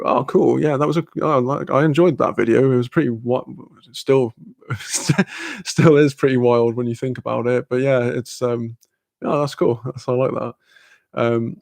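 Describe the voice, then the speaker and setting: A man's voice: mid-range voice, steady tone, moderate pace, vocal fry, darkish tone, dry recording. A young man telling rambling stories and answering chat on a casual live stream, swearing freely between lots of fillers. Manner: reads out and answers chat comments.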